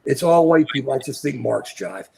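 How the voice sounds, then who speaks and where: A man's voice: mid-range voice, normal speed, gravelly, a little mellow. A man co-hosting a live political chat show, talking animatedly and calling out viewers by name. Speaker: co-host. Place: at home in New York.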